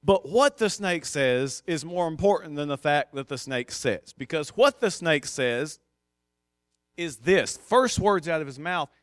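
A man preaching a sermon in a conversational, emphatic way, breaking off now and then for casual asides. His voice sits on the higher side and sounds smooth and resonant. The recording is dry and close. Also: animated, measured pace, dry recording. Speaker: pastor.

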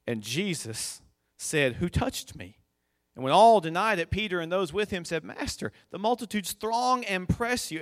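A man preaching a sermon, slow and deliberate, building to emphatic high points as he retells a scripture story. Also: dry recording, studio quality.

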